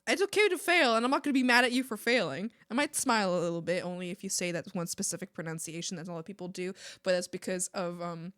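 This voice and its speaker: A young woman from Mexico chatting casually on an art stream, animated and ranting, laughing often and swearing casually. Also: fairly low pitch, fast, hardly any pauses, no room sound, clean studio sound. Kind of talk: casual live-stream chat.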